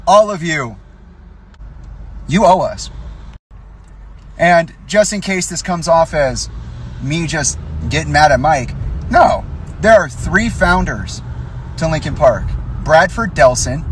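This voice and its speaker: A man's voice: on the high side, a little hiss or hum. A young man in an angry, profane direct-to-camera rant, confronting and accusing the people he addresses. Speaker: vlogger.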